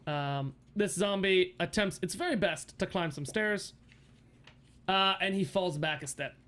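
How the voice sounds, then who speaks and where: A man with a fairly high voice runs a tabletop game as game master. He narrates in a halting way, full of fillers and restarts, and breaks into laughter often. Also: fairly bright tone.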